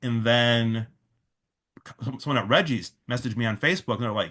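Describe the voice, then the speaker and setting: A man's voice: medium pitch, fairly quick, fairly bright tone. A man, a festival organizer, telling a long story in a casual interview, full of fillers and restarts, quoting others in his own voice.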